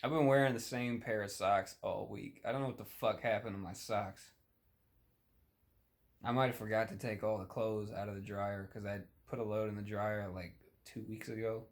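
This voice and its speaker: A young man delivering a crude, profane comedic rant, rambling in a deadpan way with sudden shouty outbursts. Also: fairly low pitch, normal speed. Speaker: comedic monologue host.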